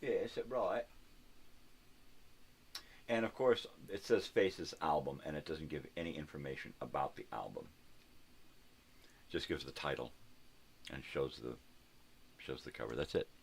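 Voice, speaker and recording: A man's voice: rumbling low, animated, a little slow, creaky, pauses often, slight background noise. An older man hosting a rambling, laid-back morning monologue, talking in a casual, profane way from a home room crammed with tapes and records. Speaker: host.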